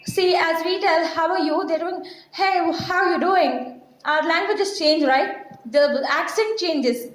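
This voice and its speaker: A woman's voice: extremely high pitch, unhurried. A woman English teacher with an Indian accent who reads out a textbook passage and then explains it in simple words, checking in with her class as she goes. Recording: echoey room.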